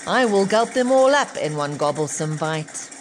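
A woman doing a loud greedy storybook troll. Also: lowish voice, expressive, normal speed, slight background noise, close to an everyday voice. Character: hungry greedy male troll, gobbling. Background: music.

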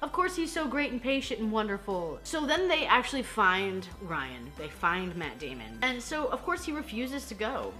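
A young woman chatting through a film recap, giggling and playing out the characters' lines herself. Her voice is bright and lively, swinging up and down in pitch. Faint music sits under it. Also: moderate pace, few pauses. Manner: chatty, giggly, self-deprecating, acts out quotes. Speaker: film reaction host. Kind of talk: casual movie recap chat.

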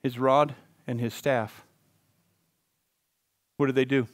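A middle-aged male pastor preaching a sermon in a church, swinging from hushed to loud. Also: medium pitch, fairly even intonation, slow pace. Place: church sanctuary.

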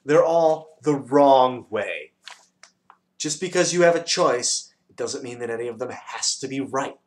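A man voicing a pedantic, number-obsessed male dodecahedron in a storybook reading, lecturing precisely and bursting into shouts. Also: mid-range voice, lively intonation, normal speed, close to an everyday voice. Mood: excitable, lecturing.

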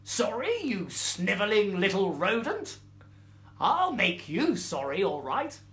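A man voicing a proud, fierce lioness with booming, mocking laughter in a bedtime storybook reading. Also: huge pitch swings, sharp tone, exaggerated voice. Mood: menacing. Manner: drawn-out theatrical scorn.

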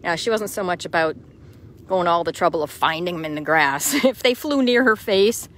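A woman's voice: fairly low pitch, expressive, normal speed. A chatty woman hosts a casual live stream outside in her chicken yard. She greets viewers by name, answers their questions, and talks into a phone she holds as she walks around. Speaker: host.

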